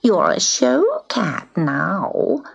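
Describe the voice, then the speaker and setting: A woman's voice: fairly low pitch, sing-song, drawn-out words, gravelly, full character voice. A woman voicing a haughty female prize show cat who speaks in a sneering, scornful way.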